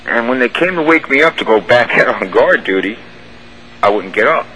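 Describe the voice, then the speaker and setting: A man's voice: mid-range voice, expressive, moderate pace, bright, forceful tone, husky, rough recording. A man, a radio show guest, recounting a strange personal experience in a rambling, vivid way with restarts.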